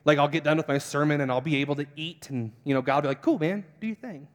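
A young man, a pastor, telling a funny self-mocking story in a sermon and acting out the voices with big jumps in pitch. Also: little pitch movement, very fast. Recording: long hall reverb.

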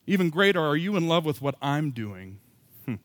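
A man's voice: fairly high pitch, big pitch swings, normal speed, a bit bright, no room sound. A man preaching a sermon as pastor, candid and self-deprecating, with emphatic rising bursts.

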